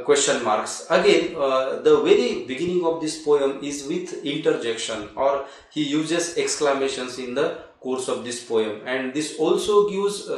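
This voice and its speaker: A man teaching a literature lesson online, explaining a poem step by step with frequent "uh" fillers. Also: mid-range voice. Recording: echoey room, mic at a distance.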